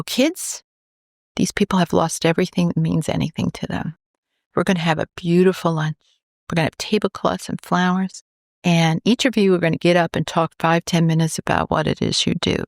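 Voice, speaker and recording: She speaks fairly quickly in a fairly low, gravelly voice, recorded cleanly in a studio without echo. This New York cancer researcher is giving a podcast interview, telling a lively story and performing the quoted dialogue.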